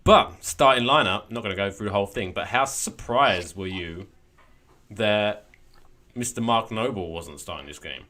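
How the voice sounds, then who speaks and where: A man co-hosting a casual football podcast, animated and jokey. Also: lowish voice, moderate pace. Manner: animated, jokey, puts on voices for quotes. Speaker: podcast co-host.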